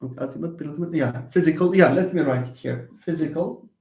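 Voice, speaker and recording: A man's voice: fairly high pitch, quick pace, creaky, darkish tone. A man giving a live English lesson, explaining and repeating words and answering viewer questions. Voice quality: switches between English and Moroccan Arabic. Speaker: English teacher. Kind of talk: live online lecture. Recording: echoey room.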